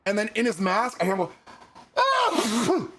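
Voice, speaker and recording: High-voiced man telling a story while gaming. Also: rapid-fire, noisy background. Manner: animated, swears freely, acts out quotes. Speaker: streamer.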